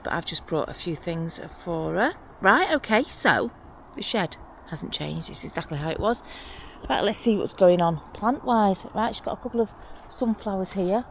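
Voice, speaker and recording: A woman, chatting casually and excitedly to camera while showing her allotment garden. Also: fairly low pitch, a little hiss or hum. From England. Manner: chatty, rambling, excitable about plants. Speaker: allotment vlogger. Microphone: clip-on mic.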